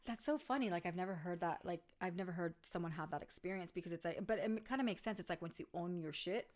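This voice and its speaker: A woman's voice: lowish voice, fast talker. A woman in her thirties hosting a podcast, talking casually and loosely, swearing freely. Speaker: podcast host.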